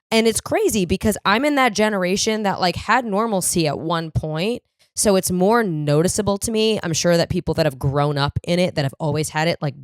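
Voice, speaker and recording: A woman's voice: deep voice, clear, resonant tone, no room sound, studio quality. A young woman hosting a solo podcast, ranting with lots of swearing and self-deprecating humor. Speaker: podcast host. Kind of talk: solo comedic podcast monologue.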